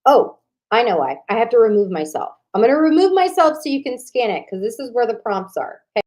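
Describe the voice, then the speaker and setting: In a live-streamed workshop for online marketers, a woman coaches in a chatty, animated way, addressing viewers directly and muttering to herself while fixing her slides. Her voice is a little high and brisk.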